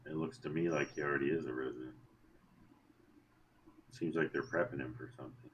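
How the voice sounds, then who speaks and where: A man's voice: extremely low pitch, fairly even intonation, a little fast, lo-fi sound, slight background noise. A man playing a tabletop game who asks many curious questions. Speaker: player. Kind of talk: casual play.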